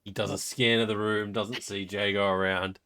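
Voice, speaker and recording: A man's voice: on the low side, level tone, moderate pace, sharp tone. A man narrating as game master of a tabletop game, rambling with many fillers and laughing at his own jokes.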